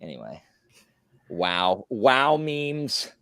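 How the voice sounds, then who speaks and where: Very low-voiced man hosting a chatty podcast. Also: very animated, very slow, fairly bright tone, no room sound, studio quality. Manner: chatty, teasing, rambling. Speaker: podcast host. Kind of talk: casual chat. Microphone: computer mic on a voice call.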